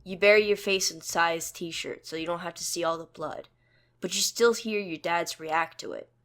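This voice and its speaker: A woman narrates a second-person fan story in a plain, even way. Her voice sits a bit low. She moves steadily through the scene. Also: normal speed.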